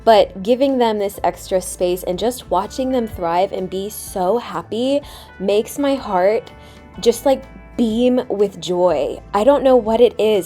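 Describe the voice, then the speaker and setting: A woman's voice: medium pitch, slow, mellow, soft background music. A young woman hosting a vlog, giving a tender, emotional voiceover with a gushing, heartfelt manner. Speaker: vlog host. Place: voiceover recorded separately from footage.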